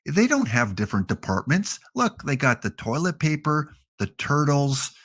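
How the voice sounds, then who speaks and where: A man's voice: mid-range voice, slightly rough. A man with a Canadian accent hosting a gaming livestream, chatting casually with jokey, rambling asides.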